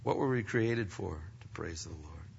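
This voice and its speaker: A man's voice: animated, moderate pace, gravelly, slight background noise. Preaching man echoing in a church hall. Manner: dramatic swings between loud emphatic peaks and hushed low passages. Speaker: pastor. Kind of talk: sermon. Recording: muffled sound with long hall reverb.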